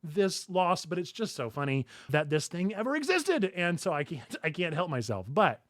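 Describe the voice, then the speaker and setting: A man's voice: fairly high pitch, brisk, no room sound, clean studio sound. Chatty laughing man hosting a news show. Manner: laughs through his words, animated and chatty. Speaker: podcast host. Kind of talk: casual news chat.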